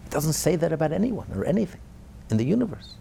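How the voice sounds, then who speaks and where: A man giving a Torah lecture as a rabbi, emphatic, moving between loud declarations and quiet asides, with Hebrew terms throughout. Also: on the high side, very animated, fast, gravelly, slight background noise.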